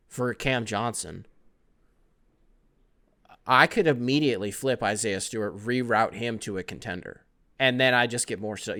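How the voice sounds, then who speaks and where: A young man hosting a casual sports podcast, rambling between topics with lots of swearing. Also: mid-range voice. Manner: rambling, animated, profane, jumping between topics. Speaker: podcast host.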